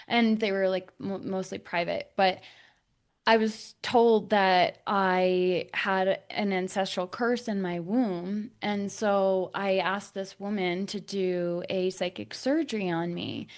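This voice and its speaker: A woman hosting a podcast, telling a personal story in a rambling way, full of restarts and fillers, dropping her voice low at the darker moments. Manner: rambling, many restarts and "like", drops to a hush at dark moments. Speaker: podcast host.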